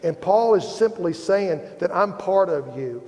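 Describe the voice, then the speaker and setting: Speaking a little slowly in a high, mellow, animated voice, a pastor with a Midwestern American accent preaches in a church sanctuary. He's earnest and self-deprecating, his emphasis rising as he pushes a point, and the recording has long hall reverb.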